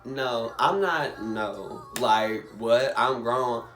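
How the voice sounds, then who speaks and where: A man's voice: mid-range voice, very slow, hardly any pauses, fairly bright tone. A young man vents his frustration in a casual storytime, swearing freely and hammering the same points again and again. His voice sits in the middle of the range. The room gives it a roomy echo, with faint music behind. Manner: emphatic, swears, repeats himself. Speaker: vlogger.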